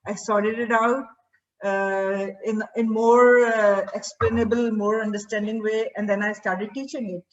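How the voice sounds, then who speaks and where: A woman's voice: medium pitch, flat delivery, measured pace. A woman who teaches seed therapy, giving a personal testimonial and acting out remembered dialogue as she tells it. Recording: distant mic, dull lo-fi sound.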